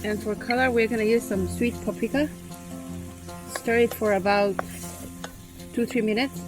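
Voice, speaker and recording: A woman hosting a cooking vlog outdoors on a windy farm, talking through each step in a relaxed, casual way and checking in with "yeah?", recorded on a camera mic. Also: a little high, moderate pace, over music. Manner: relaxed, tags lines with "yeah?". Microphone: camera mic, no external microphone.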